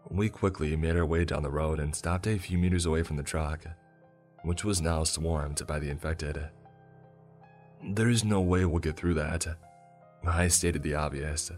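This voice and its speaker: A man narrating a first-person horror story in a steady storytelling voice. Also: very deep voice, moderate pace, faint music behind.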